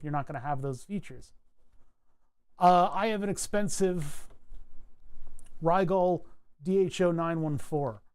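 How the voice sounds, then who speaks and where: A man's voice: fairly high pitch, darkish tone. A man chatting casually on a live stream while designing a circuit board, rambling with wry asides and frequent self-corrections.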